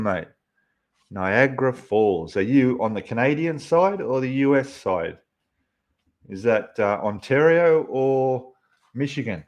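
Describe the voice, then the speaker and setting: A man's voice: fairly low pitch, darkish tone, muffled recording. A man hosting a casual livestream, rambling as he answers viewers' chat messages. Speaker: livestream host.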